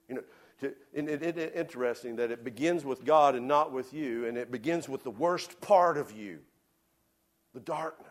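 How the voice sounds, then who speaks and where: A man's voice: medium pitch, animated, brisk. Conversational male pastor telling a story. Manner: conversational, self-deprecating storyteller. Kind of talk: sermon with storytelling.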